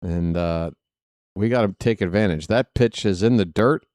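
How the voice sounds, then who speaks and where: A man calling live baseball play-by-play for fans, excitable and jokey, talking straight to his listeners. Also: low voice, normal speed, dry recording, studio quality. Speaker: fan play-by-play commentator.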